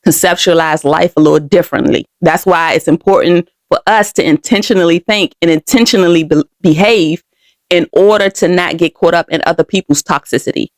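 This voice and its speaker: A young adult woman hosting a podcast speaks straight to her listeners, telling a personal story candidly and emotionally. Her voice is on the low side and a little fast, recorded with clean studio sound and no echo.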